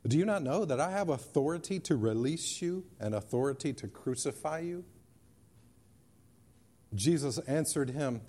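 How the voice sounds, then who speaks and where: A man's voice: medium pitch, dark tone. A male pastor preaching a sermon, reading scripture and driving points home with emphatic repetition. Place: church sanctuary.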